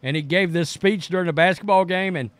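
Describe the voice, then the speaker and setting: A man from Texas runs his own commentary show, speaking in a fairly high voice. He keeps it casual and sarcastic, tossing in mocking one-liners. The sound is dry and close, with no room around it. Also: a little fast, no echo. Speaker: political commentary host.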